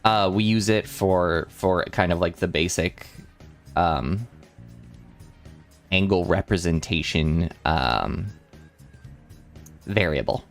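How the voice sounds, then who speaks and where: A young man on a casual study livestream, working through math problems out loud, rambling and correcting himself as he talks to chat. His voice is still a little rough from the morning. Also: deep voice, slow, pauses often, soft background music. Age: young adult. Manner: rambling, self-correcting, chatty with chat readers. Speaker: vtuber math streamer.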